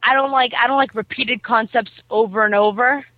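A woman's voice: fairly high pitch, steady tone, a little fast, no echo. A woman chatting casually and rambling animatedly as she retells a show's plot, with lots of fillers. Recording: tinny phone-like dry sound.

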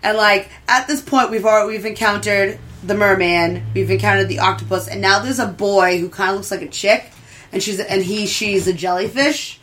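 A woman casually recapping a show in a podcast chat, chatty and lively, acting out the characters' lines in a raised voice. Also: moderate pace. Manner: chatty, lively, acts out quotes in higher voices. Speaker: anime reviewer.

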